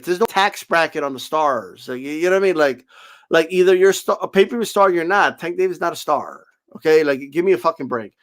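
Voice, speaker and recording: This boxing commentator's voice sits high and a bit bright as he delivers a sarcastic, foul-mouthed rant, cutting off critics and imitating them in mocking voices.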